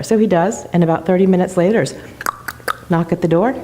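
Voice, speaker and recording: A woman's voice: on the low side, brisk, mellow. A woman guest speaker giving an enthusiastic motivational talk in a church, telling a joke story. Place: church sanctuary.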